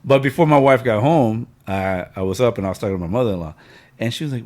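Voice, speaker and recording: A man's voice: mid-range voice, fast talker, a little mellow. Man telling a heartfelt personal story, slangy. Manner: emotional storytelling, frequent filler and slang. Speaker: podcast host. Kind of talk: casual chat among friends.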